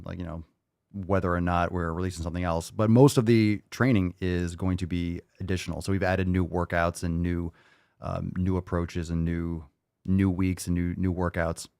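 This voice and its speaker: A man's voice: low voice, a little mellow, smooth, no echo, clean studio sound. A man hosting a live podcast Q&A, answering viewer questions in a blunt, joking and profane way. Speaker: podcast host. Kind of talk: live Q&A chat.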